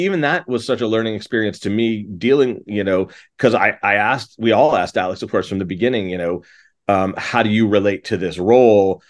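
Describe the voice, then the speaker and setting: A middle-aged man, a composer and director, talking casually and enthusiastically in an interview, rambling with many restarts and false starts. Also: on the low side.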